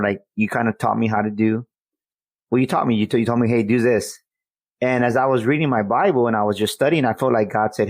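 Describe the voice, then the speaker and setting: A man's voice: mid-range voice, no echo. Earnest rambling male host. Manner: earnest, rambling, laughs easily. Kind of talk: casual interview chat.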